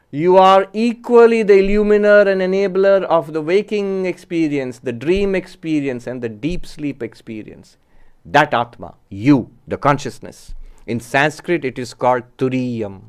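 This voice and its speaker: Man, Vedanta teacher, slightly high voice, asks rhetorical questions. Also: clear, resonant tone. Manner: measured and explanatory, posing rhetorical questions. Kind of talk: spiritual discourse.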